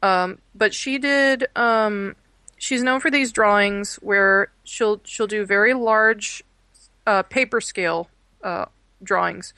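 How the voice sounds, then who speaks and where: A woman's voice: mid-range voice, takes it slowly, pushed and bright, clean tone, no echo. A young woman, chatting casually and rambling through many fillers and restarts. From Texas. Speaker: podcast guest, art education student. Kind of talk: casual chat.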